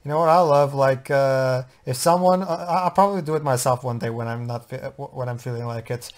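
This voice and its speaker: A man's voice: medium pitch, fairly quick. A man in a casual group movie commentary, stammering and repeating words while he jokes.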